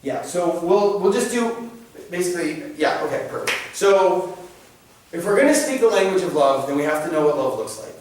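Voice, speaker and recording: A man giving an informal faith talk to a class, animated and joking, often restarting his sentences. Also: high voice, normal speed, a little hiss or hum. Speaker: catechism class presenter. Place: church meeting room. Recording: very echoey room, mic at a distance.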